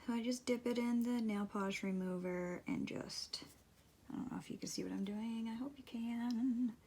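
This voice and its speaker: A middle-aged woman giving a casual nail tutorial at home, talking slowly and softly, often dropping to near-whispers. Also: fairly high pitch, a little hiss or hum. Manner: slow, soft-spoken, drops to near-whispers. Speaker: beauty vlogger. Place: home, at a table.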